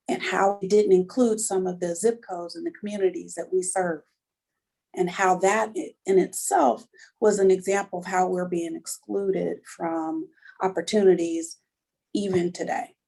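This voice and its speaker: Gravelly-voiced woman, frank and direct. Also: lowish voice, mellow, poor audio. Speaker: realtor panelist. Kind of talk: panel discussion.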